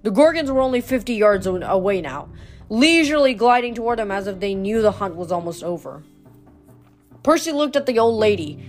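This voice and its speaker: A woman reading a novel aloud, with an even storytelling delivery. Her voice sits at a middle pitch, with faint music running beneath. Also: fairly quick. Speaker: reader.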